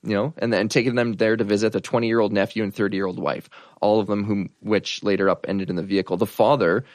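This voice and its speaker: A man's voice: lowish voice, steady tone, quick pace, darkish tone, dry recording, studio quality. A man hosting a podcast, talking bluntly and swearing freely in casual chat. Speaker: podcast host.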